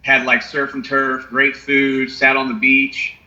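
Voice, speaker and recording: A man's voice: mid-range voice, completely flat delivery, measured pace, bright, forceful tone. A young man telling a personal recovery story in casual, profane chat, often asking "you know what I mean?". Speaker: podcast co-host. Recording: echoey, dull lo-fi sound.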